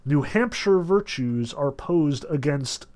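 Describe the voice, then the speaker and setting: A man's voice: fairly high pitch, lively intonation, takes it slowly, darkish tone. A man lecturing on literature in a conversational, analytical way, with many fillers. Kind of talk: recorded lecture.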